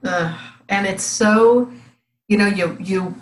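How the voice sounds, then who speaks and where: A woman's voice: mid-range voice, slow. Co-host, woman in her 60s from California, easy laugh, roomy echo. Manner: warm-humored, laughs easily, reflective. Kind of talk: casual chat.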